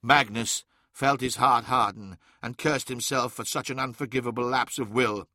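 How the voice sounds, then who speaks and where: A man narrating a dark fantasy audiobook in a dramatic, scripted style, swelling on the action and dropping low on the grief. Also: steady tone, moderate pace, hardly any pauses, no room sound, studio quality.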